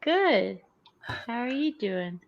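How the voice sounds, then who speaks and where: A woman calling into a live chat, talking slowly and teasing. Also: on the high side, sing-song, creaky, highs cut off. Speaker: caller joining a live chat. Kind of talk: casual chat.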